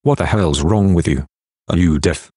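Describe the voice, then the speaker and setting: A man's voice: low voice, normal speed, mellow, no room sound, studio quality. A man voicing an angry, violent stepfather who swears and threatens in harsh bursts. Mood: angry threatening. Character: angry violent male stepfather, bullying and crude.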